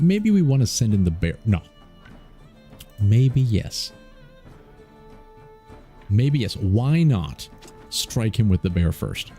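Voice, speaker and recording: A man's voice: lowish voice, mellow, slightly rough. A man streaming a strategy game, joking playfully and laughing often as he comments on his moves. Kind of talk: casual let's-play commentary.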